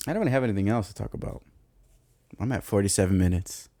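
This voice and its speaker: A young man with a New York accent, telling a camping story as a podcast host in a loose, profane, animated way, laughing often. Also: fairly low pitch, fast, no room sound. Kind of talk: casual storytelling monologue.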